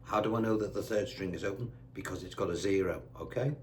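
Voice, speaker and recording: A man teaching guitar with a chatty, patient manner, counting the beats out loud slowly while he plays. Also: deep voice. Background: guitar playing.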